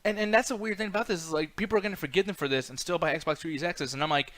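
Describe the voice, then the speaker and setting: A man co-hosting a casual chat show, ranting fast and swearing freely. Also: on the high side, fairly bright tone. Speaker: podcast co-host.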